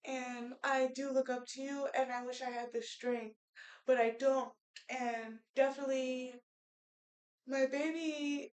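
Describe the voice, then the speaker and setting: A woman's voice: sits high, darkish tone, rough recording. A young woman, a stay-at-home mother, talking casually to the camera in an earnest, rambling way, often restarting her sentences. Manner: rambling and earnest, with many restarts and baby-talk asides.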